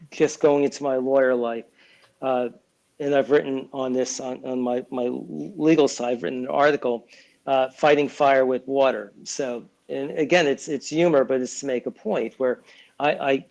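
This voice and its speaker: A man's voice: medium pitch, gravelly, darkish tone, poor audio. A man guest on an interview podcast, talking casually with many fillers and restarts. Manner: acts out quotes in other voices. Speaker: guest, lawyer and children's author.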